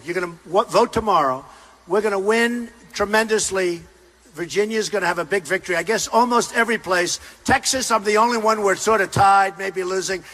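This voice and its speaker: An older man delivers a campaign rally speech on a stage microphone in a large arena. His voice is fairly high and sharply bright, and he pushes it into shouts. His phrases are short, repeated and emphatic. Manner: repetitive, emphatic, often shouting to a crowd. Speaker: political candidate at a rally.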